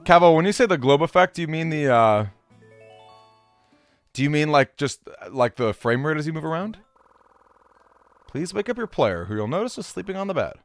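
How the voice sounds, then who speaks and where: A man's voice: on the high side, big pitch swings, normal speed, long pauses, faint music behind. A man streaming a game, chatting casually and rambling with fillers as he answers his chat.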